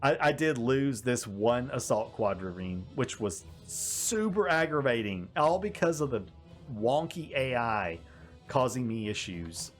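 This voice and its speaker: A man giving casual gameplay commentary, animated and often laughing, exasperated at the game's behavior. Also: mid-range voice, unhurried, faint music behind. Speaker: gaming YouTuber.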